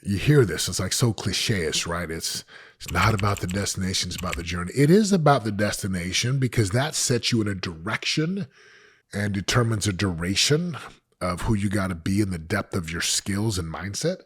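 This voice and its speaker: Man in his late 40s, husky and lowish, hosting a podcast as an emphatic motivational speaker who repeats key phrases. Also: lively intonation, normal speed. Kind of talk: motivational talk to camera. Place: podcast set.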